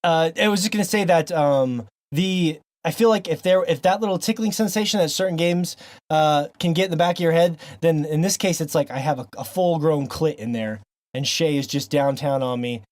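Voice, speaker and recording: A man from Montana hosting a gaming podcast, rambling excitedly with crude jokes and lots of fillers. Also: a little high, normal speed, dry recording, studio quality. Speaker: podcast host. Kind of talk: casual gaming podcast banter.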